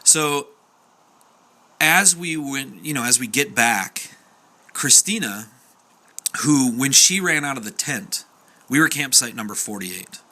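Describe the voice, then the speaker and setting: Bright-voiced young man telling a story. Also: medium pitch, expressive, takes it slowly, long pauses. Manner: chatty, acts out quoted voices, fillers like "like". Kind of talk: casual spoken storytelling.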